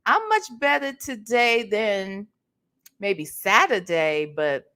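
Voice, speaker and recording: Woman, livestream host, low energy, slow-paced, higher voice, casual chat. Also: huge pitch swings, fairly bright tone. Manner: tired, greets chat members one by one.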